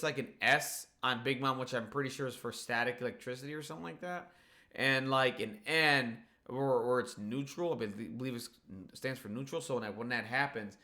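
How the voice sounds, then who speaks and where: A man rattles through a casual manga chapter review, his voice bright and forward. He swears freely and keeps circling back with "like" and "you know" as he walks through the action. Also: medium pitch. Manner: excited, profane, full of "like" and "you know". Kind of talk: casual spoken chapter recap.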